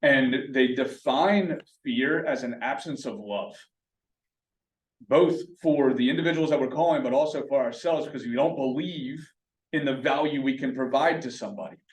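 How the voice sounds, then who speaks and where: Male presenter, energetic coaching style, recorded from a distance in a meeting room. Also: medium pitch, normal speed. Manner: energetic, coaching, rhetorical questions. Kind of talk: motivational team meeting talk. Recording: roomy, from a distance.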